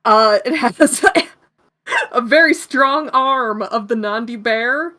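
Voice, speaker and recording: A woman co-hosting a relaxed gaming podcast, who often breaks into giggles as she talks. Her voice is bright and clear and sits a bit high. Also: takes it slowly. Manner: giggly, laughs often while explaining. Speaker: podcast co-host. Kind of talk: casual chat.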